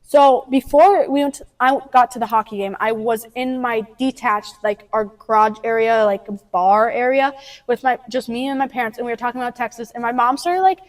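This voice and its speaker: A woman's voice: on the high side, brisk. A teenage girl telling a story in casual chat, full of "like" fillers and quoted lines. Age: teens. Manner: chatty, lots of "like" fillers, quotes people.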